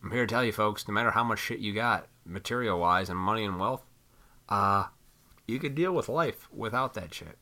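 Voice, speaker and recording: A man's voice: lowish voice, moderate pace, pushed and bright. A man delivering a blunt, profane, preachy monologue straight into a microphone as a solo podcast host. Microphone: studio microphone.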